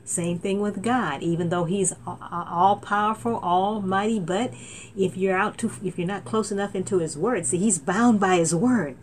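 Woman preaching an animated sermon. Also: medium pitch, moderate pace, a little hiss or hum. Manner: animated preaching with many fillers and restarts, rising to exclaim. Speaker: minister. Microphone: laptop.

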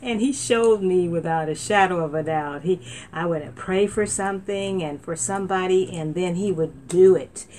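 A middle-aged woman preaching from a laptop setup, her voice pitched a little low for a woman. She talks loosely with fillers and restarts, then rises into excited outbursts. A faint hiss of noise sits behind her. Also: moderate pace. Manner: animated preaching with many fillers and restarts, rising to exclaim. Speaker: minister. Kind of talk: sermon.

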